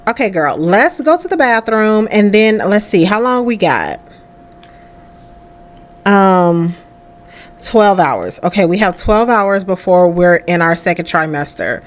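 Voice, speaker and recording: A young woman hosting a let's play chats casually through a life-sim game, talking to her character. Her mid-range voice is very animated, though her pace is slow.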